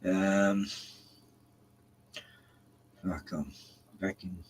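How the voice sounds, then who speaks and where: Man, very deep, husky, mumbling, hesitant, very slow delivery. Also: fairly even intonation. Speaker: vlogger. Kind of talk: casual rambling to camera.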